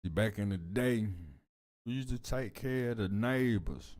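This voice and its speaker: A man giving casual reaction commentary in a slow, drawling way, full of street slang and frequent "man". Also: on the low side, darkish tone.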